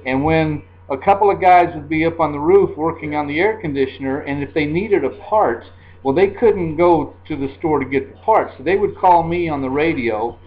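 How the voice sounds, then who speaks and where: Older guy in his 60s rambling thru an old story, folksy, kinda high voice, dull lo-fi audio. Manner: rambling, repeats himself, folksy. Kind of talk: casual personal storytelling. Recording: dull lo-fi recording.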